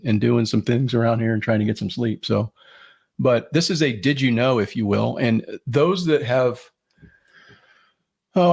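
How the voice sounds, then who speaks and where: A man hosting a podcast in casual chat, talking in a halting way with many fillers and restarts. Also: mid-range voice, creaky. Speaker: podcast host.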